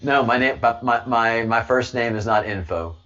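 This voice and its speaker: A man's voice: medium pitch, normal speed, pushed and bright, dull audio. A man hosting a casual livestream, rambling to his chat and stammering over repeated words with frequent chuckles. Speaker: livestream host reading chat.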